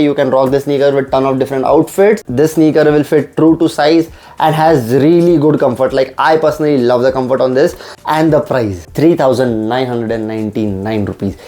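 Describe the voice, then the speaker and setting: A man's voice: on the high side, warm tone. A young man, eagerly unboxing and reviewing sneakers and often repeating how much he loves them. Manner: enthusiastic, repeats "I just love".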